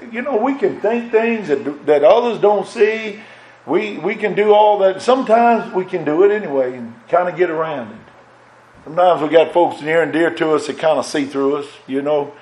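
A man's voice: a little high, a little fast, darkish tone, roomy sound, rough recording. A man preaching a sermon in an impassioned cadence that swells and drops.

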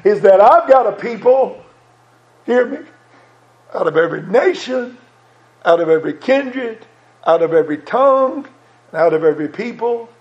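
A man's voice: sits high, lively intonation, normal speed, long pauses. A man preaching a sermon in a folksy way, repeating phrases for emphasis. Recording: dull lo-fi sound.

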